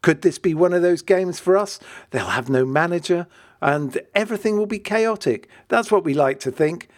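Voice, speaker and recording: A man's voice: sits high, lively intonation, moderate pace. A man hosting a podcast, introducing guests and teasing them with jokes. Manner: jokey, teasing, laughs often. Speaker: podcast host. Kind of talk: casual chat.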